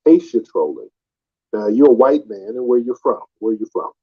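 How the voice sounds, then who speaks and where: A man hosts a combative live call-in audio stream, mocking and taunting callers and repeating his questions. His mid-range voice is very animated, slightly rough, and at normal speed, heard through muffled lo-fi stream audio.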